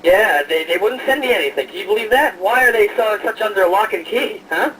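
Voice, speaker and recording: Joking, high-voiced radio host man. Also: expressive, fairly quick, a bit bright, far from the mic, a little hiss or hum, poor audio. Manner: joking, hesitant with many fillers. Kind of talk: casual online radio interview.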